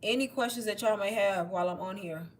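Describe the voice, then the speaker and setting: A young woman talks straight to her livestream viewers in a loose, chatty pitch, calling them "y'all" again and again. She sounds a bit out of breath as she keeps urging people to ask questions in the chat. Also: brisk, slight background noise. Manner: chatty, says "y'all" constantly. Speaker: online course seller hosting a livestream. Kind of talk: casual livestream sales pitch.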